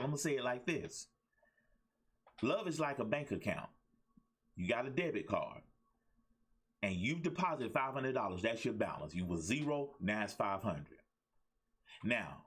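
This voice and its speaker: Male motivational host, husky, sermon-like repetition, lively pitch. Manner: preachy, repetitive, call-and-response asides. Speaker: life coach and talk show host. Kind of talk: motivational livestream talk.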